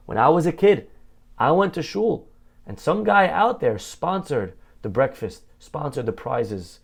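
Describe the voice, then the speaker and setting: A man's voice: a little high, sing-song, measured pace, creaky, slightly rough. A man speaking as a rabbi, telling a heartfelt story in a conversational sermon, with many "you know" fillers.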